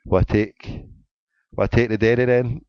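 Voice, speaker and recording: A man with a clear, resonant mid-range voice speaks at normal speed in a steady tone while hosting a casual live internet radio show. Reading the chat, he jokes in mock indignation, and the sound is dry, dull lo-fi with no room sound.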